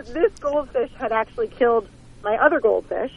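Woman guest calling in by phone: a candid, self-mocking storyteller with a slightly high voice, slightly muffled sound. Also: animated, normal speed, vocal fry, slightly rough. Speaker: author and guest. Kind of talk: phone-in interview, casual storytelling. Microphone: phone line.

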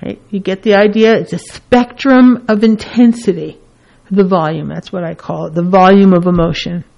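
Woman therapist talking casually, mid-pitched, acts out feelings as she goes, kinda dull lo-fi sound. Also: moderate pace, creaky. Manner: expressive, acts out feelings in her voice. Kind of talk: casual teaching talk. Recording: dull lo-fi recording.

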